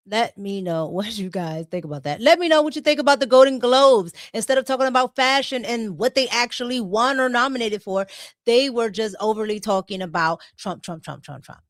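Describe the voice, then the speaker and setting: A woman's voice: a little high, expressive, a little fast, no echo, clean studio sound. A woman hosting a casual livestream, chatting, reading super chats aloud and laughing often. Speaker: livestream host.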